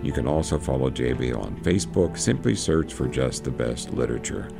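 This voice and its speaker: A man hosting a radio program on literature, reading passages from a novel aloud and discussing them, talking in a halting way with many fillers and restarts. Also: a bass voice, animated, creaky, music in the background.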